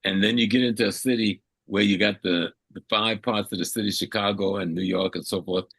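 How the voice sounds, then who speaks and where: A man's voice: fairly low pitch, fairly even intonation, brisk, a bit bright, dry recording. An older man from South Carolina, an elder guest answering at length in an interview, emphatic and repeating phrases for weight. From South Carolina, USA.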